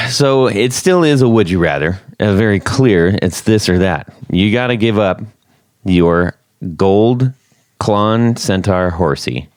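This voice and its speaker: A man's voice: low-pitched, smooth, no echo, studio quality. A man hosting a casual podcast chat, laid-back and rambling with frequent restarts. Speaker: podcast host.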